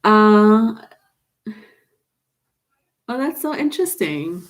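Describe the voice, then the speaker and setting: A woman's voice: medium pitch, big pitch swings, extremely slow. A woman doing a live-stream tarot reading, chatting casually and reading viewer comments aloud. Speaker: tarot reader.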